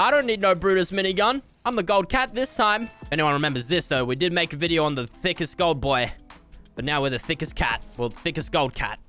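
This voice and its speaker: A young man giving jokey, excitable gameplay commentary with sudden yelps. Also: a little high, a little fast, soft background music. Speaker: gaming YouTuber.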